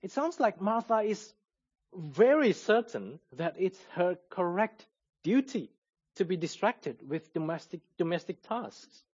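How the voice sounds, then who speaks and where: Slow, husky, lively-voiced male preacher. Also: high voice, muffled recording. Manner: measured, explanatory, lively intonation. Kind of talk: sermon.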